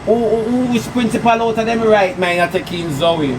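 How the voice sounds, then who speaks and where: A man's voice: high voice, moderate pace. A man with a Jamaican accent ranting on a live stream, mocking and scolding with sarcasm. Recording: distant mic with loud background noise.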